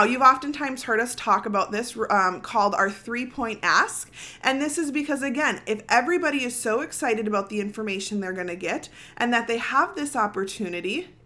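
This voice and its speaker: A middle-aged woman giving an energetic coaching talk at a conference, often checking in with "okay?" and acting out cheerful greetings. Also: on the high side. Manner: energetic, upbeat, frequent "okay?" check-ins; acts out cheerful front-desk greetings. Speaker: conference presenter. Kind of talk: coaching talk to a live audience.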